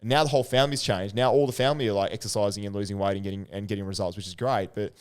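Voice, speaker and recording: A man, a strength and conditioning coach telling a client story as a podcast guest, animated and full of restarts. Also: fairly low pitch, very fast, clear, resonant tone. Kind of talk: casual podcast chat.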